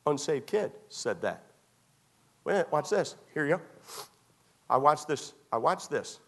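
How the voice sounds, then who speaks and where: A man preaching a sermon as pastor, emphatic and repetitive, often dropping to a quiet tone. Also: on the high side, very animated, unhurried, vocal fry, pauses often.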